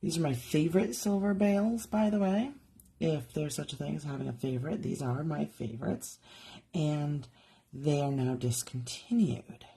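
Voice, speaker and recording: Working in her home art studio, a woman jewelry artist talks through a live demonstration, musing aloud as she goes. She speaks at a normal speed in a low voice that's gravelly, warm and slightly rough.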